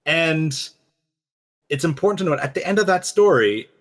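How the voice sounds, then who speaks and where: A man co-hosting a casual discussion, telling a story with lively quoted lines. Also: fairly high pitch, moderate pace. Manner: animated storytelling, quoting characters. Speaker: podcast co-host.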